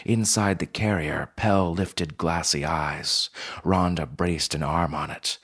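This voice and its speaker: A man with a husky voice reading a story in measured, steady scripted narration. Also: low-pitched.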